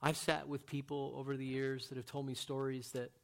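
A man preaching a sermon as a pastor, earnest, moving from loud emphatic lines to quiet, hushed ones. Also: mid-range voice, flat delivery, fairly quick, creaky.

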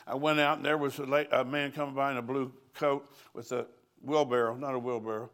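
A man's voice: mid-range voice, little pitch movement, a little fast, a bit bright. An older man, a pastor, preaching at a conference in a folksy, storytelling way, chuckling between lines.

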